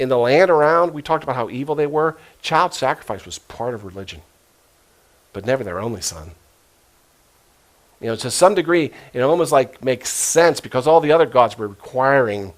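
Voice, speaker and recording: A middle-aged man preaching a sermon as a pastor, telling stories earnestly and dropping to a hush for quoted voices. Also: medium pitch. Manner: earnest storytelling, emotional retellings with hushed quoted voices.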